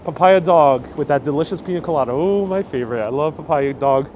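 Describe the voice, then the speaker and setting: A man's voice: fairly high pitch, a little fast, a little mellow. Walking-tour host, man, casual rambling chatter to live viewers, lapel mic outdoors with light street noise. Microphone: wireless lapel mic.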